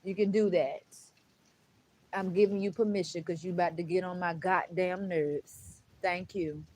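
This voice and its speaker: A woman's voice: lowish voice, fairly even intonation, a little slow, darkish tone, rough recording. A woman vlogger in an emotional monologue to camera, blunt and preachy, swearing often and calling viewers "baby" and "honey.".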